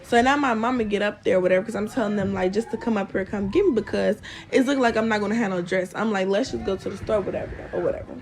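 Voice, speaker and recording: A woman's voice: mid-range voice, fast, darkish tone. A young woman telling a story to her viewers in casual chat, exasperated and talkative, often calling them y'all. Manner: chatty and exasperated, addresses viewers as y'all, fills with "or whatever". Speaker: storytime vlogger.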